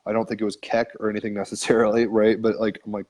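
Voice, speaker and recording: A man's voice: fairly low pitch, flat delivery, fast, hardly any pauses, darkish tone. A man, a podcast guest, telling a long story in a casual, rambling way, full of "like" and casual swearing. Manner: rambling, filler-heavy, frequent "like", casual swearing.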